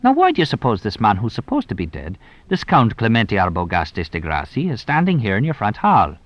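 A man's voice: lowish voice, huge pitch swings, fairly quick, no room sound, highs cut off. A man voicing a shrewd, teasing police inspector who probes with dry, mock-innocent questions. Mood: sly.

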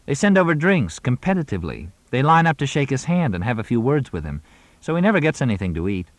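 A man voicing a sharp-tongued young woman who is an actress, wry and teasing. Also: medium pitch, very animated, no room sound, voice pushed up, lightly acted. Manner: mocking, theatrical, quick-witted.

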